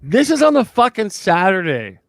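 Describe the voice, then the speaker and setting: A man's voice: sits high, huge pitch swings, moderate pace, dry recording. A man, a former convention staffer co-hosting a podcast, telling a long profane story in an emotional, rambling way. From Canada. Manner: profane, emotional, rambling retelling with acted quotes. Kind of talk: casual storytelling chat.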